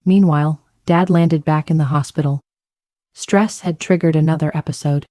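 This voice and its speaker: Low mellow woman narrating a story. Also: steady tone, moderate pace, no room sound, studio quality. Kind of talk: first-person story narration.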